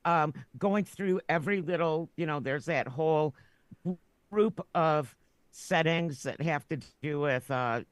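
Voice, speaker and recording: A woman's voice: low-pitched, measured pace, dry recording. A woman guest on a podcast, telling a story in a rambling way and laughing through her words. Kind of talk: casual chat.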